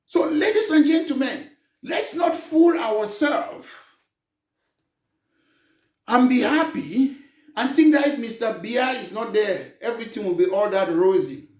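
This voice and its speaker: Impassioned high-voiced man, echoey. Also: animated, measured pace, long pauses, far from the mic. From Cameroon. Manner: impassioned, emphatic, rising to shouts. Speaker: political party leader. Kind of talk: political address to followers. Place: room in London. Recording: echoey room, voice off the mic.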